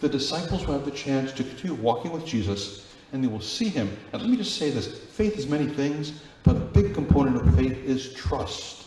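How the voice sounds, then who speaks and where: A priest preaches a Sunday homily in a relaxed, chatty way, his pitch rising and falling often as he asks the congregation questions. His voice rings through a large church with strong, lingering reverb and faint room noise behind him. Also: a little fast. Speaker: Catholic priest. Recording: very echoey church with long reverb, faint ambience.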